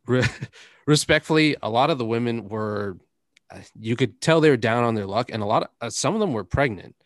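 A man's voice: medium pitch, animated, fairly quick, dry recording. Young man, podcast host, rambling anecdotal delivery, dead-dry close mic. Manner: rambling storyteller, laughs often, drops curses. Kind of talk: casual chat.

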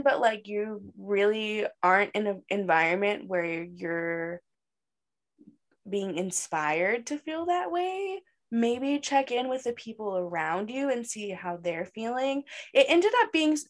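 A woman co-hosting a podcast in casual chat, animated and laughing often, with many fillers. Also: mid-range voice. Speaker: podcast co-host.

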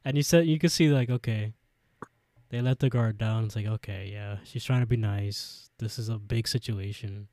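A man's voice: fairly low pitch, normal speed, darkish tone, dry recording. A man co-hosting a podcast, recapping an episode in a laid-back way, laughing often and swearing casually. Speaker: podcast co-host.

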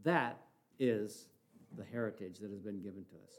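A man's voice: lowish voice, normal speed, a little hiss or hum. An older man in his sixties preaching a sermon, telling stories earnestly and rising to fervent exhortation.

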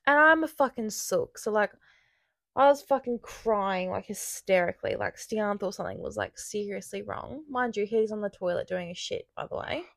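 A woman's voice: medium pitch, normal speed, gravelly, dry recording. A young woman co-hosting a podcast, chatting casually, swearing often and laughing through her own stories. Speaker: podcast co-host. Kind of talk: casual chat.

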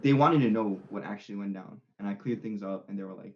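A man's voice: fairly low pitch, quick pace, a little hiss or hum. A young man chatting casually as a podcast guest, rambling and repeating himself as he retells what friends said. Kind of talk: casual chat. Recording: slightly dull lo-fi sound.

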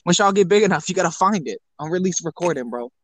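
A young man guests on a casual podcast in a high voice. He talks in a laid-back, slangy, playful way, and his voice sounds dry and close. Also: expressive, fast, dry recording.

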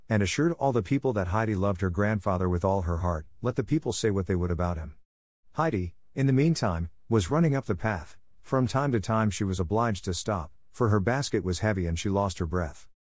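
Low-voiced man reading a storybook. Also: darkish tone, no room sound, studio quality. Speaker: narrator. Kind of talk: audiobook narration.

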